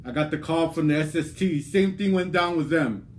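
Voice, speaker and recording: A man delivering a theatrical wrestling promo in a boastful, drawn-out, dramatic way. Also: on the high side, slight background noise.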